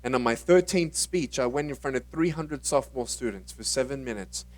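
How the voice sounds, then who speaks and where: A motivational speaker at a conference, telling his own story in an animated way and acting out the dialogue. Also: medium pitch, fairly quick, recorded from a distance. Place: conference stage.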